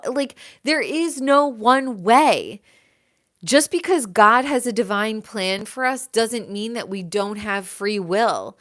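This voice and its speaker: Bright-voiced woman hosting a livestream. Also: a little high. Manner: rambling and emphatic, with filler "like". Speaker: host of a live show. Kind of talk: casual livestream monologue.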